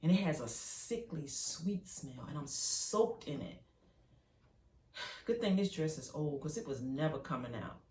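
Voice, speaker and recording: A woman performing an intense dramatic monologue, swinging from hushed to loud as she tells it. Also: deep voice, animated, a little slow, slight background noise. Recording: roomy, from a distance.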